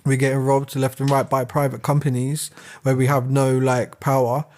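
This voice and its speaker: A man's voice: mid-range voice, completely flat delivery, normal speed, darkish tone. A man, co-hosting a casual podcast, rambling and laughing as he rants. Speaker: podcast co-host. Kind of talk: casual chat.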